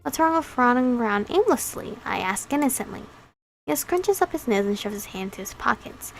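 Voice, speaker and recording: A woman's voice: fairly high pitch, animated, brisk, creaky, fairly bright tone, a little hiss or hum. A woman reading a visual novel aloud as its heroine, breaking off for playful, chatty asides. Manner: playful, chatty asides between read lines. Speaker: game channel host.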